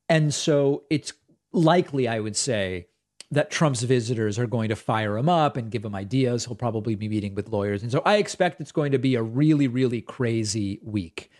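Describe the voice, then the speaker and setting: Guy hosting a politics show, mid pitch, casual and snarky, rambling asides. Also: a little mellow. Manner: sarcastic, conversational, with fillers and asides. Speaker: political talk show host. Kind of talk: opinionated political commentary.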